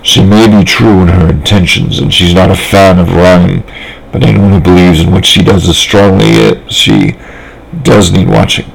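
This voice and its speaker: A man reading a story aloud, voicing a cautious male doctor who speaks slowly and gravely. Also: deep voice, steady tone, poor audio. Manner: slow, grave and deliberate. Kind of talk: fan fiction reading aloud.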